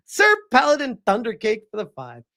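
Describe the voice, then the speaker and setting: Animated, swearing woman streamer. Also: fairly high pitch. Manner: animated, incredulous ranting with frequent swearing. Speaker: streamer host reading viewer donations. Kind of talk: casual livestream commentary.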